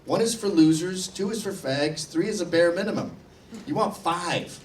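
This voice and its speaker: A man's voice: high voice, moderate pace. A man giving a blunt, sardonic live speech to students in a university hall. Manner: sardonic, blunt, acts out mock quotes. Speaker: guest speaker. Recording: distant mic, faint hiss.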